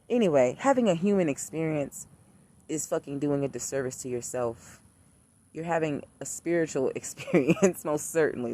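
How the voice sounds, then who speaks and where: This man's voice is fairly high and a little mellow. As a spiritual practitioner ranting to camera about spirits, he is casual, blunt, and profane, hammering his points home through rapid-fire repetition.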